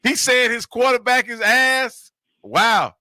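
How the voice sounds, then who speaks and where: Bright-voiced man in sports talk. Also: very high-pitched, animated, slow pace, dry recording. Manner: conversational, emphatic, drawling. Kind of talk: casual sports chat.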